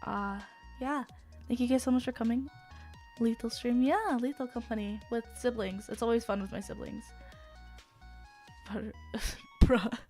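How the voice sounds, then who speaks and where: Sick-voiced woman streamer, rather high. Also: a little slow, long pauses, darkish tone, faint music behind. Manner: rambling, apologetic, with sighs and groans. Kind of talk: casual live-stream chat.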